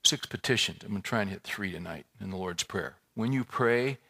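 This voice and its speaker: Brisk and on the low side, the man's voice is gravelly and a little rough. He's a pastor delivering an animated, conversational sermon in church, putting questions to the congregation and repeating himself to build a point.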